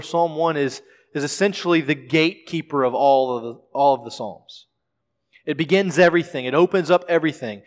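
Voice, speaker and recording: A male pastor preaching a sermon in a measured way, often repeating words as he explains scripture. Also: fairly high pitch. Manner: measured preaching with frequent word repetitions. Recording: long reverb of a large hall.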